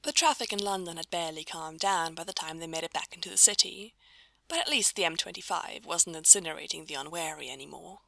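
A woman reading a story aloud in a measured, gently amused tone. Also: on the low side, gravelly, no echo. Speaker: narrator.

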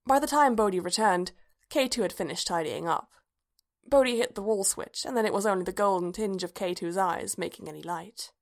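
A woman narrating a story aloud in a measured, even-paced reading. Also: medium pitch, gravelly. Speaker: reader.

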